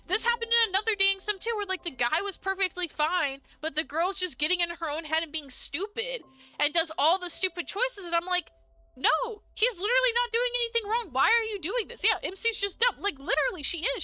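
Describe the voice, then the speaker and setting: A woman's voice: extremely high pitch, bright, forceful tone, no room sound. A young woman streaming a dating sim, reading its lines aloud and breaking off into exasperated, fangirling reactions from her desk at home.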